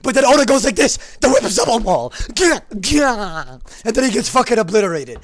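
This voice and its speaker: A man's voice: high-pitched, sing-song, fast talker, no echo, studio quality. A man streaming a game, talking casually with lots of swearing, trash talk and repeated phrases. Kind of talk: casual live gameplay commentary.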